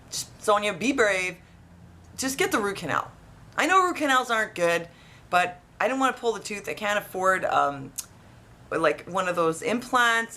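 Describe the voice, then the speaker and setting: A woman in her thirties telling a personal story to camera in a casual, animated way, acting out what people said to her. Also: medium pitch. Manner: animated, acts out quoted dialogue in her retelling. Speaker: vlogger.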